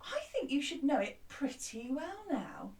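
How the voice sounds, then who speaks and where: A woman's voice: high voice, very animated, measured pace, darkish tone, distant mic. A woman teaching a children's music lesson who sings an action song and cheerfully explains each step. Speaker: primary school music teacher.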